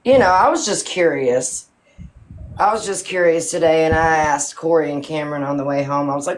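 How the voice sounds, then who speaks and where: A woman's voice: low-pitched, a little fast, slight background noise. A woman chatting casually over a phone line, blunt and swearing freely as she tells stories. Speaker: host. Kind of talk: casual chat.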